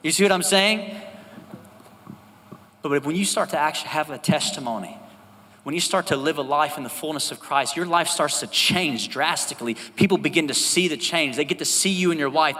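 A male pastor preaching a sermon, talking to the congregation in a lively, conversational way and often asking for an "Amen". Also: fairly high pitch, normal speed. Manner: conversational, animated, asks the congregation for responses. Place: church sanctuary. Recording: reverberant church hall with faint ambience.

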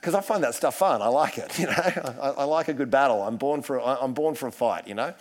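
A man's voice: medium pitch, brisk. A man preaching a casual, self-deprecating sermon full of asides. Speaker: pastor.

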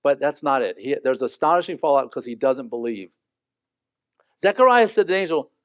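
A male pastor teaching a Bible passage in a sermon, animated and joking. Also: mid-range voice, brisk, no echo. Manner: animated, joking, acts out the characters. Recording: dull, dry recording.

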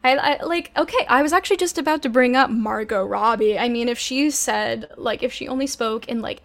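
A woman co-host talks in a high voice in loose, joking conversation. She gets animated and sometimes bursts into loud exclamations. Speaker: podcast co-host. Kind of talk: casual chat.

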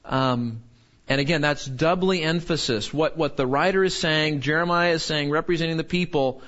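A man's voice: on the high side, moderate pace, fairly bright tone, highs cut off. Man teaching a Bible class. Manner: conversational, keeps asking "right?"; emphatic, repeats key points.

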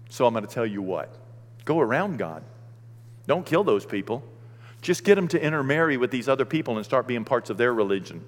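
A man preaching a sermon, animated, swinging between loud outbursts and hushed, gentle talk. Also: mid-range voice, fast, in a large hall.

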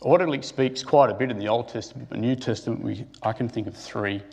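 A man's voice: medium pitch, quick pace, gravelly, a little mellow, slightly rough. A man giving a conversational sermon who asks his listeners questions and thinks aloud with restarts. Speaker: preacher.

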